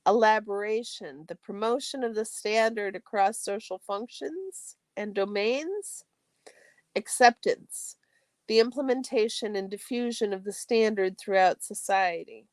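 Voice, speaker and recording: A woman reads a textbook aloud for a study stream. Her delivery is steady and careful, and she sometimes catches and corrects a stumbled word. Her voice sits in a middle pitch and comes across close and dry, with no room sound around it. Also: unhurried, no room sound. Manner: steady, careful reading with occasional self-corrections.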